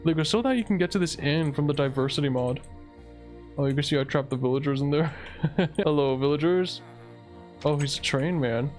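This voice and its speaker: Young male gamer, slightly high voice, easygoing rambling commentary, faint game music under him. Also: brisk, pauses often, a little mellow. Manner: rambling, laid-back, says "dude" a lot. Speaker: gaming video creator. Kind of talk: casual gameplay commentary.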